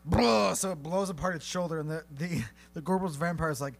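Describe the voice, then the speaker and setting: Animated man spinning a comic story. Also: a little fast, gravelly. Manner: animated, jumps into high silly voices for characters. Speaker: podcast co-host. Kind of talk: comedic storytelling banter.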